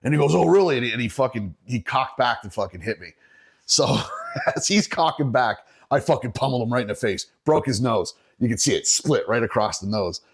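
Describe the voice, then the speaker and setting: A middle-aged man from Northeastern Pennsylvania, a bassist guest on a podcast, telling a rowdy story in a casual, profane way and often breaking into laughter. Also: expressive, a little fast, breathy edge.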